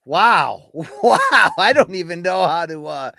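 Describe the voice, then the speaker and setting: A man's voice: high-pitched, very animated, takes it slowly, creaky, pushed and bright, no echo. Playful man, dry close sound. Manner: laughing, playful banter. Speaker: podcast co-host. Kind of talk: casual chat.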